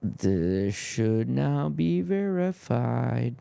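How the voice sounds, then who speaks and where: A man with a dark, gravelly voice talks to himself slowly while sorting out his stream settings. His pitch rises and falls a lot, and the sound is dry and close. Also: big pitch swings, no echo. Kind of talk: casual livestream chatter.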